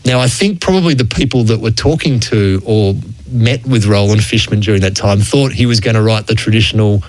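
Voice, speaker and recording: A man's voice: lowish voice, fairly quick, darkish tone, no echo, poor audio. Australian male radio presenter, middle-aged, anecdotal storyteller with chuckles, dry close studio sound. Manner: chatty, chuckles through the anecdotes. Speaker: radio cricket history segment presenter.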